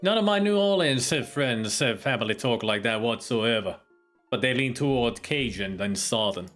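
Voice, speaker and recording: A man's voice: mid-range voice, lively intonation, moderate pace, a bit bright, soft background music. A man streaming a video game, chatting and joking with rambling asides as he plays. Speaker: gameplay streamer. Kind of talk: casual gameplay commentary.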